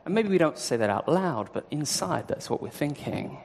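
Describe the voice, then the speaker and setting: Pastor, man, fairly high voice, animated storytelling, long church-hall reverb. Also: moderate pace, gravelly, a little hiss or hum. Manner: lively storytelling, acting out the story. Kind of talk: sermon.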